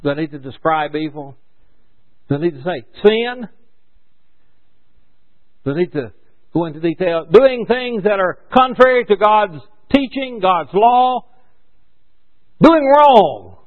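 A man's voice: high-pitched, expressive, measured pace, long pauses. A man preaching a sermon in a conversational way, asking rhetorical questions and correcting himself as he goes. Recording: dull lo-fi recording.

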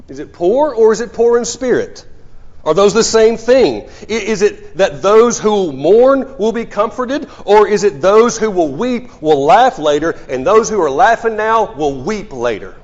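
Animated man preaching in a hall. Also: high-pitched, unhurried. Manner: conversational, storytelling, with frequent restarts. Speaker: pastor. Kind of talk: sermon. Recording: muffled sound in a reverberant hall.

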